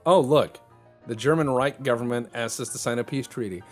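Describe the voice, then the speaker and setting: A man's voice: medium pitch, fairly quick, darkish tone, soft background music. A man giving joking, casual play-by-play commentary on a strategy game. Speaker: gameplay commentator.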